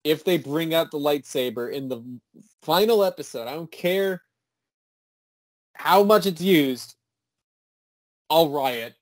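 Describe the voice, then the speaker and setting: A young man co-hosting a podcast, talking in a relaxed, wry, joking way. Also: on the high side, slow pace, pauses often, dry recording. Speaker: podcast co-host. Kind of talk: casual chat.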